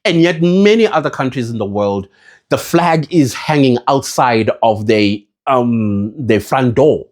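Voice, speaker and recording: A man's voice: mid-range voice, animated, measured pace, a little mellow. A South African man with a South African accent giving his opinions in a casual vlog, talking passionately and putting questions to his viewers. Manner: impassioned, rhetorical, addresses viewers as guys. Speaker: vlogger.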